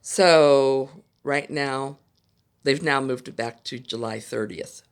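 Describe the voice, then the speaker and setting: A woman's voice: rumbling low, slow pace, clear, resonant tone. An older woman from Ohio, USA, hosting a knitting podcast from home in a chatty, rambling way, full of personal asides. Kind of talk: casual chat.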